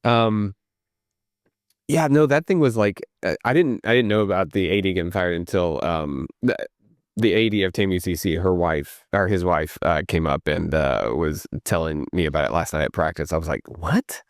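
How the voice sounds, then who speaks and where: A man with a low voice co-hosts a relaxed podcast. He rambles through his stories, restarting sentences and leaning on "like." The sound is dry and close, with no room echo. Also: normal speed. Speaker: podcast co-host. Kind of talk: casual chat.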